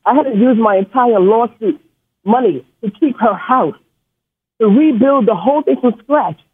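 Husky high-voiced caller with a stutter, on the phone. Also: male voice, moderate pace. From New York. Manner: rambling, emotional, with hesitations. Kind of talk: call-in storytelling. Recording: tinny phone line.

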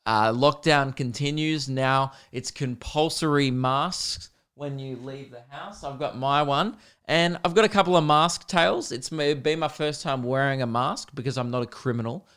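Joking Australian man, smooth voice. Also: mid-range voice, normal speed, hardly any pauses, a bit bright. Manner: chatty, joking, addresses listeners directly. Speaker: podcast host. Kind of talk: comedic storytelling monologue. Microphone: close microphone.

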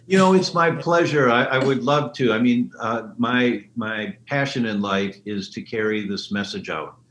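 A man, the interview guest, telling stories with animated energy and jumping into high-pitched voices when he quotes people. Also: normal speed. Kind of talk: enthusiastic storytelling in an interview. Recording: roomy remote line with faint noise.

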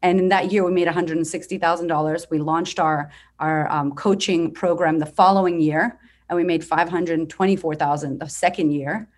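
A woman in her thirties, a business coach telling her story as a podcast guest, talking bluntly with lively energy and some swearing. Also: on the low side, normal speed. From United States. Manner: blunt, profane, energetic and animated.

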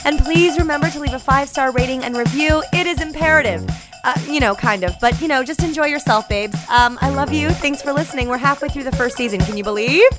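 A woman's voice: high voice, quick pace. Bubbly woman host over music. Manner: bubbly and gushing. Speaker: podcast host. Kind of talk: podcast intro.

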